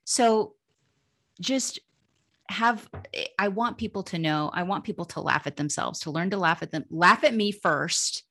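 A woman humor writer telling funny personal stories as an interview guest, lively and laughing, her voice jumping up when she reaches the punchlines. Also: fairly low pitch, a little slow. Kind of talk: animated storytelling in an interview.

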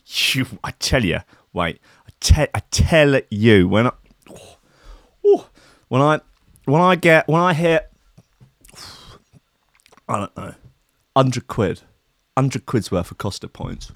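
A young man hosts a comedy podcast from Britain, riffing loosely and swearing freely. His voice sits at an ordinary pitch. The recording is dry and close, with no room sound. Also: sing-song, slow, pauses often, no room sound. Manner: profane, riffing, slips into mock voices. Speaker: podcast host. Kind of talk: rambling comedic chat.

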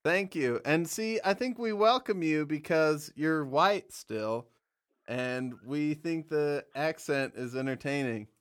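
A man's voice: on the high side, slow, fairly bright tone, smooth. Male host, playful interviewer, clean resonant voice. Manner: joking, playful. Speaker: podcast host. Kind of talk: casual interview chat.

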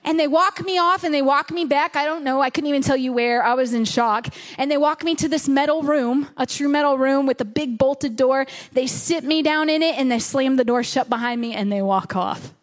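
A woman pastor telling a vivid story to her congregation, animated and dramatic, dropping to a hush at tense moments. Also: sits high, brisk, hardly any pauses. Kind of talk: storytelling sermon. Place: church stage before a congregation.

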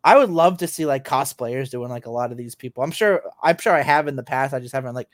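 A man's voice: medium pitch, fast, no echo, studio quality. A man co-hosting a casual podcast about games and anime, rambling with many fillers and restarts. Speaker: podcast co-host.

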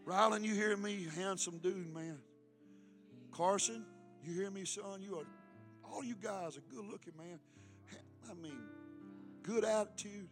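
Fervent high-voiced pastor preaching. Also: male voice, a little slow, pauses often, music in the background. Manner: fervent preaching, swinging from loud calls to hushed asides. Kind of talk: sermon.

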